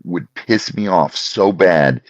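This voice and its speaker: Slow, deep-voiced man in casual chat. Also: no echo, muffled recording. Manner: enthusiastic, opinionated gear talk. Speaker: podcast co-host; former bass player.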